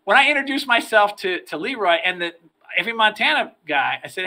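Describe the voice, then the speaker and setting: A middle-aged man tells stories from his career as an interview guest, animated and given to repeating words at the start of his sentences. His voice sits a little high and sounds bright and forceful, with a pushing energy behind it. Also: fairly quick, vocal fry. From United States. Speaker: interview guest, former FBI agent. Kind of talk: storytelling in a podcast interview.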